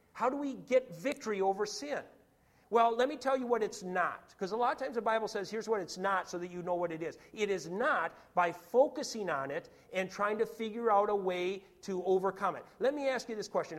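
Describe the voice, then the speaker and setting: A preacher with a high voice for a man delivers a sermon to his congregation in a church. He speaks emphatically, repeats key phrases for weight and keeps throwing questions at his listeners.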